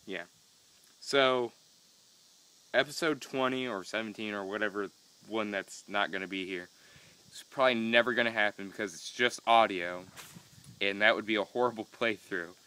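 A man's voice: on the low side, pushed and bright, smooth. A young man rambling through a casual vlog, self-mocking and laughing as he talks, just woken up. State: just woke up. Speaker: vlogger.

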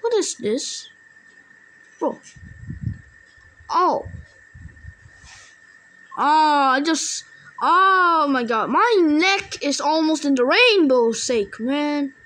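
A woman talks through a game in a high, bright voice. She speaks slowly and casually, then bursts into excitable taunts at other players. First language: Indonesian. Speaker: gamer. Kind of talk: casual gameplay commentary.

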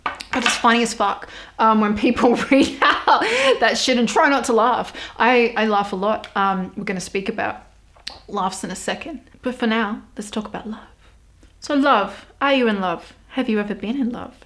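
A young Australian woman hosts her own podcast, chatting solo in a candid, casual way, swearing freely and laughing often. Her mid-range voice is fairly bright and moves at normal speed.

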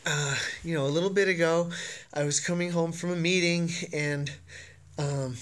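A man's voice: on the high side, normal speed. A man talking casually and playfully in a home vlog about his pet dog. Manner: playful, excitable. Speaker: dog owner and vlogger.

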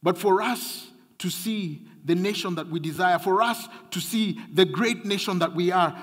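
A man's voice: high voice, normal speed, hardly any pauses, fairly bright tone, slightly rough. A man preaching a sermon, emphatic and repetitive, his intensity rising and falling. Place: large church hall. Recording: long hall reverb.

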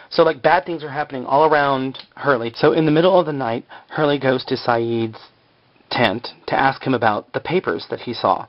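A man's voice: on the high side, muffled recording. A man casually retelling a TV episode in a rambling, filler-heavy way. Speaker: show recapper.

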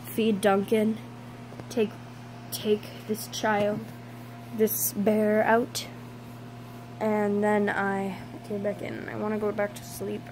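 A tired young woman chatting casually in a home vlog, soft and hesitant with many pauses and ums. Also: mid-range voice, completely flat delivery, a little hiss or hum, low-quality recording. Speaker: vlogger. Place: home, indoors.

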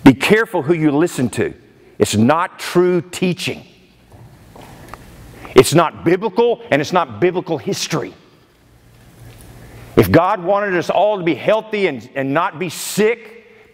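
A man's voice: fairly high pitch, big pitch swings, unhurried, long pauses, long reverb tail. A male preacher delivering a sermon in an emphatic way, often exclaiming in disbelief. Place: church sanctuary.

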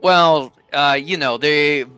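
A man puts on a cocky male double, a swaggering mirror twin who talks loud and pleased with himself, pitched a notch above his own voice. His speech is slow and deliberate, and music plays steadily underneath. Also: clean tone, dry recording. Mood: boastful. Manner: brash, boastful, loud.

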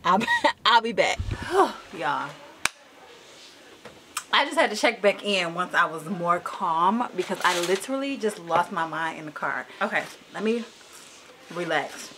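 A woman talks casually to viewers from her car, with the camera sitting on the dashboard. She is chatty and animated but her nerves show. A faint hum of noise stays under her voice. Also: unhurried, long pauses. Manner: chatty and animated, rising high when annoyed. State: anxious, shaky nerves. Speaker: vlogger. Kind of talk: casual vlog chat. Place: parked car.

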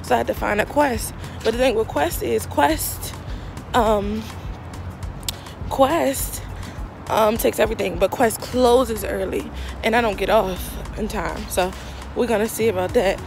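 A young woman with a high voice talks into her phone from the car, unhurried and drawn out. She is chatty and expressive, sometimes soft and sometimes loud and joyful. It sounds like a casual video diary. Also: vocal fry, over music. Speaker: vlogger.

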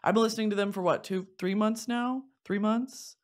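A young woman in her twenties telling a funny story in casual chat as a podcast host, dropping to low mutters and rising to squealing laughs. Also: moderate pace. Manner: animated, swings from low confiding mutters to shrieking laughs and squealed whispers.

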